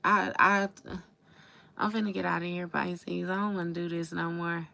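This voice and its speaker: Woman tarot reader, casual livestream, lowish forceful voice, blunt, profane, repeats herself for emphasis. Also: little pitch movement, normal speed, gravelly. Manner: blunt, profane, calls listeners baby and y'all; emphatic repetition.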